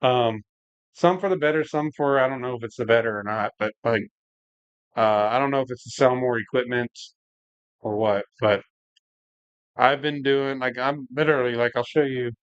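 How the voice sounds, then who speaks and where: His mid-range voice is clean and moderately paced as he hosts a home brewing livestream. Laid-back and rambling, he leans heavily on "like" and "man" while working and answering the chat; the recording is muffled and lacks room sound.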